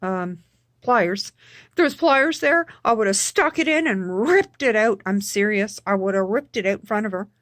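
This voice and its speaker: A woman talking casually in a personal vlog, halting with frequent restarts and repeating words for emphasis. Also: mid-range voice, lively intonation, fairly bright tone, no room sound, clean studio sound. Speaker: vlogger.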